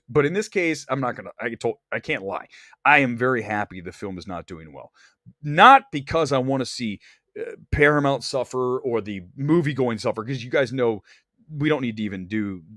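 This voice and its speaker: A man hosting a movie talk show, delivering blunt, opinionated box office commentary and climbing high in pitch when he gets worked up. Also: a bit bright, no echo, clean studio sound. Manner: blunt, opinionated, straight-talking. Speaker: host.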